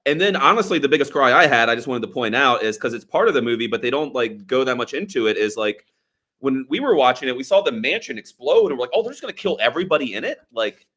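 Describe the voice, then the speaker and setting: A man's voice: mid-range voice, animated, fast talker, pushed and bright. A man co-hosting a casual movie podcast, talking loosely and a little profanely and quoting lines from the film in offhand voices. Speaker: podcast co-host. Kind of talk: casual movie review chat.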